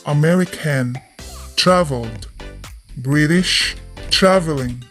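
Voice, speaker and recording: A man reads lesson word lists slowly and evenly in a fairly high voice. Soft music plays quietly under him. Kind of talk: slow scripted lesson narration.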